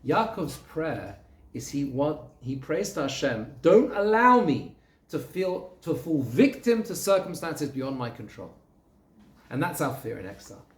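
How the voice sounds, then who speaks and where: A man leads a Torah class in a synagogue room, his voice sitting a touch high and swinging widely in pitch. He asks his listeners questions and answers them himself, quoting Hebrew lines. The room gives him a clear echo. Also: big pitch swings, measured pace. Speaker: rabbi teaching a Torah class. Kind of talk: lively Torah class to a group. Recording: echoey room.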